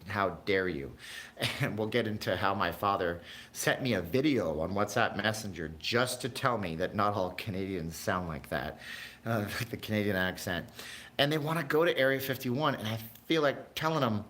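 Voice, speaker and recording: Chatting at normal speed in a fairly low, fairly bright voice, a male livestream host wanders loosely between topics. He keeps things casual and talks directly to the people in his live chat.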